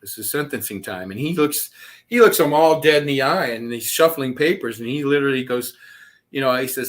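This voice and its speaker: A man's voice: mid-range voice, brisk. A man telling stories as a podcast guest, a profane, laughing raconteur. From Southwest Florida. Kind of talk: storytelling interview.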